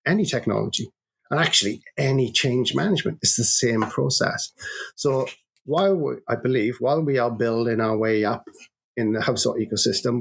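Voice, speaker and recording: Man, gravelly voice, podcast guest, conversational, animated storyteller, restarts often. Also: medium pitch. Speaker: agency co-founder, podcast guest. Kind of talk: conversational business interview.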